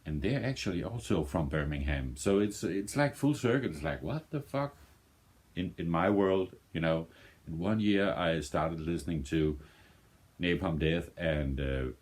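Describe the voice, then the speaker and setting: A man's voice: sits low, expressive, unhurried, a little mellow. A man from Denmark chatting casually in English as a non-native speaker, often restarting and searching for words. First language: Danish. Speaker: vinyl music vlogger. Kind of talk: casual rambling chat.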